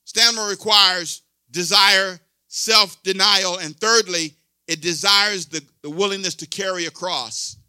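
Emphatic preaching man, bright and high. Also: steady tone, unhurried, clean tone, no room sound, clean studio sound. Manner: emphatic preaching, repeating key words, call and response. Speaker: pastor. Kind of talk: sermon.

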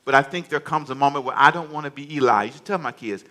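A man's voice: medium pitch, fast, bright, forceful tone. A male pastor preaching a sermon, emphatic and humorous, in a storytelling manner.

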